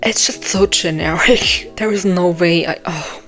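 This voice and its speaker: A young woman with a lowish, slightly bright voice thinks aloud at a measured pace while writing her novel live, with faint music in the background. She rambles and puts herself down, full of ums and restarts, and her voice is getting tired.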